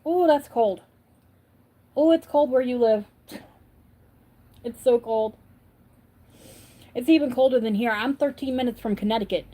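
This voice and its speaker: A woman's voice: on the high side, a little slow, pauses often, dark tone. A woman from upstate New York hosting a casual livestream, chatting and answering viewers' comments as she goes. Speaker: livestream host.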